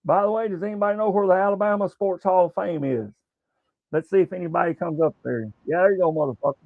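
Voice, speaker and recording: On a casual sports livestream, a Southern-accented male host talks to his chat in a rambling, folksy manner packed with fillers. He speaks fast in a high pitch with vocal fry, and his webcam audio is tinny like a phone, with no echo.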